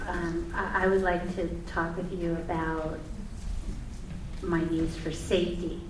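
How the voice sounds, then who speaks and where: A woman taking part in a workshop, practising a role-play in a halting, hesitant way. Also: on the low side, level tone. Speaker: workshop participant. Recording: roomy hall, distant mic, faint hiss.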